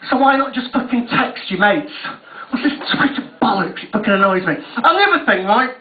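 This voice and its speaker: A man's voice: very high-pitched, a little fast. A young man doing a stand-up comedy routine on stage at a university, sweary and self-mocking about his own nerves. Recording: tinny, distant, echoey live recording.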